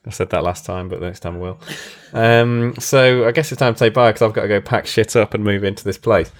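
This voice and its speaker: A low-pitched man hosting a podcast in easygoing banter. He laughs a lot, swears freely and pokes fun at himself. His voice sits well below most men's. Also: steady tone, fairly quick. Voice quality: laughs often, swears casually, self-mocking. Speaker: podcast host. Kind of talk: casual podcast chat.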